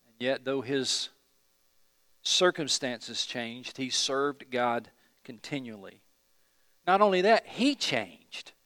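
A man's voice: a little high, a bit bright, no echo, in a large hall. A man pastor preaching a sermon, emphatic and putting questions to the congregation.

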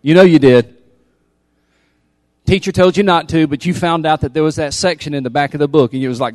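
A man preaching a sermon as pastor, emphatic, repeating key lines and swinging from loud appeals to hushed intensity. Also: fairly high pitch, fairly quick, long pauses, dry recording.

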